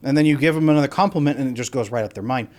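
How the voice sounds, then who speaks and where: A man's voice: mid-range voice, racing. A man speaking as an attachment coach, teaching how to give feedback and acting out sample dialogues as he goes. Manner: animated, acts out sample dialogues. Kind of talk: instructional talk to camera.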